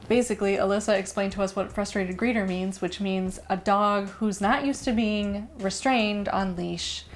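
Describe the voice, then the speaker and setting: A young woman vlogger telling a story to camera in a casual, animated way, rushing through quick asides. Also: mid-range voice. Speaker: vlogger and dog owner.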